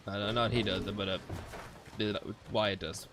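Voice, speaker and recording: A man's voice: fairly low pitch, steady tone, measured pace, noisy background. A man streaming a game, talking off the cuff in a rambling, profane way and getting easily exasperated. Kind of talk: off-the-cuff gaming commentary.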